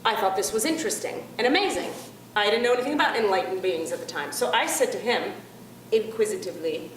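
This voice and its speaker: A woman doing stand-up comedy in a chatty, animated way, often asking the audience questions. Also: fairly high pitch, normal speed, roomy sound, slight background noise.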